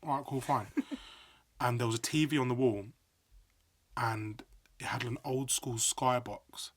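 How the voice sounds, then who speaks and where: A middle-aged man, a guest on a podcast telling a story in a lively chat, acting out quoted voices. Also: mid-range voice, unhurried, breathy edge. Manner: animated storyteller, acts out quotes. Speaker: podcast guest, sports broadcaster.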